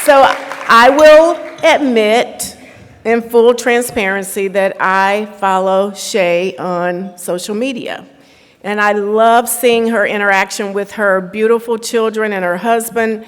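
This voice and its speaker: A woman hosting an event on stage, thanking and introducing a speaker in a warm, unhurried way. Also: medium pitch, fairly even intonation, clear, resonant tone, a faint crowd. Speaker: event host. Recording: reverberant event hall.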